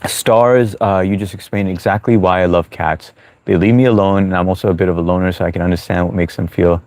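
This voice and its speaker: A man's voice: deep voice, steady tone, brisk, darkish tone, no echo. A man hosting a live stream in casual chat, reading viewer comments aloud and chatting with them in a laid-back, friendly way.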